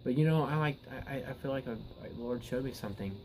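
Male preacher, mid-range voice, earnest teaching sermon with stumbling restarts that build to forceful emphasis. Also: medium pitch, fast, faint music behind, rough recording. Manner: earnest, repeats words and restarts, rises to emphatic peaks.

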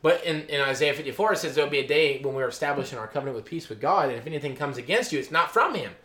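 A middle-aged male pastor preaches in an animated, rapid-fire way, his fairly high voice pushed and bright against an echoey room. He reads scripture and explains it in loose asides, often adding "okay?" and "you know?"

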